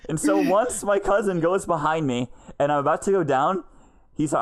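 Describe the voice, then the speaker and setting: A young man co-hosting a relaxed podcast, telling stories with lots of laughter. His voice sits a little high and swoops widely as he gets animated. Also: moderate pace. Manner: animated storyteller, laughs often. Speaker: podcast co-host. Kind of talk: casual chat. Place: lives in Texas.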